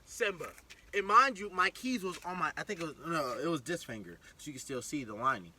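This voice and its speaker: A young man telling a storytime vlog in an excitable, slangy way, acting out the scene as he goes. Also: fairly high pitch, a little fast, a little hiss or hum. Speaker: vlogger. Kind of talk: animated storytime.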